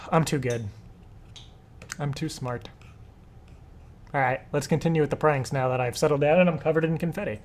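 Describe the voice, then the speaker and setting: Young male streamer, slightly higher voice, casual rambling chat full of swearing. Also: normal speed, long pauses, slight background noise. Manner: rambling, laughing and swearing freely. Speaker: live show host.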